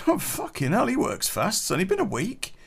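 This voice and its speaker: A man's voice: high voice, huge pitch swings, moderate pace, creaky, slightly rough. Chatty, sweary man telling a story. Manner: chatty, swears freely, laughs at his own story. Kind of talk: casual anecdote monologue.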